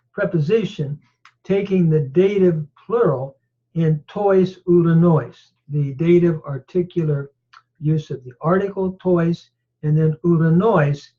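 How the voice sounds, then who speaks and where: A man teaching a Greek grammar lecture on scripture. He goes through the text word by word in a methodical way and often pauses to hesitate. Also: on the high side. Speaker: Bible teacher. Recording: dull lo-fi recording.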